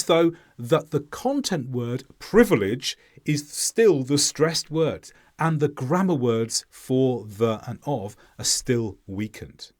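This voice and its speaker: A man teaching English pronunciation in a clear, deliberate explaining voice-over. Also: on the high side, darkish tone.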